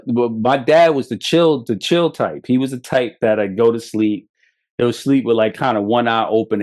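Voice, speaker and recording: A middle-aged man with a New York accent, hosting a podcast and telling blunt, profane, animated stories of his own recovery. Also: medium pitch. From Brooklyn, New York. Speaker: podcast host. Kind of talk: candid motivational talk.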